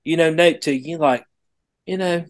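A man's voice: fairly high pitch, normal speed. A man co-hosting a casual chat podcast, rambling with many restarts and slangy phrasing. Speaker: podcast co-host.

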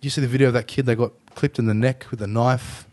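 A man's voice: mid-range voice, fast. An Australian man hosting a casual podcast chat, swearing freely and acting out the voices in his stories. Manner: sweary, animated storyteller acting out quoted voices. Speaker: podcast host.

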